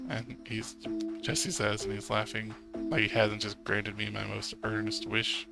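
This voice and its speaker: A man's voice: on the low side, completely flat delivery, measured pace, vocal fry. A man streaming a story game, reading its narration aloud and breaking off to chat with his viewers. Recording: game music under the voice. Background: game music.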